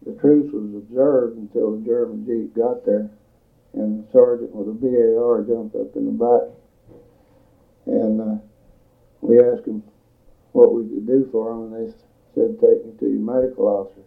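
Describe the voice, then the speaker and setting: An older man, a veteran, recalling his wartime service in a plain-spoken, measured storytelling manner for an oral history recording. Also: fairly low pitch, level tone, creaky. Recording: tinny lo-fi tape recording.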